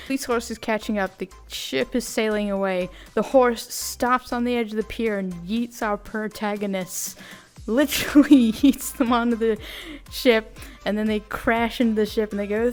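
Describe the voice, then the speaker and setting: Woman, casual recap, slangy, amused, animated delivery, mid-pitched voice, faint music behind. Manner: animated, amused, often laughing; slangy, conversational. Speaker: video creator. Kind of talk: casual cartoon recap while drawing.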